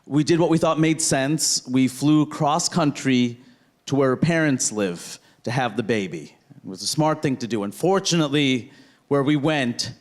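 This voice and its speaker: A man's voice: medium pitch, normal speed. A man performing a stand-up set in a rambling way, tagging lines with "right?" and bursting into outrage, on a handheld stage mic. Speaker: stand-up comedian. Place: comedy stage with audience.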